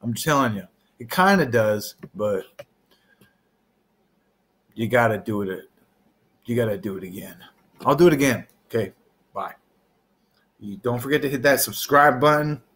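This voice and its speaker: Male vlogger, unhurried, wandering off-the-cuff monologue. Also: medium pitch, lively intonation, a bit bright. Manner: drawn-out, meandering, trails off and restarts. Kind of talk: rambling casual monologue.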